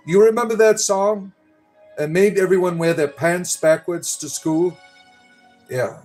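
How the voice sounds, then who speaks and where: A man's voice: fairly high pitch, darkish tone. A middle-aged man hosting a livestream, casually chatting and reading viewer comments in a joking, rambling way, often tagging his lines with "right?". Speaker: livestream host.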